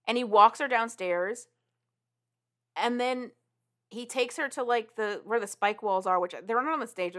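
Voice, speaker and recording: A woman's voice: on the high side, fairly bright tone. A woman co-hosting a casual podcast, rambling through a story recap full of "like" and restarts. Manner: rambling, filler-heavy retelling with "like". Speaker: podcast co-host. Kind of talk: casual chat retelling a story.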